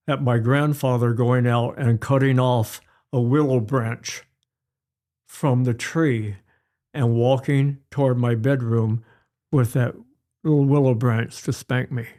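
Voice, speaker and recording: Slow, mellow older man. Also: mid-range voice, steady tone. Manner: unhurried storytelling, repeats key phrases. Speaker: pediatrician guest. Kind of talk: conversational interview.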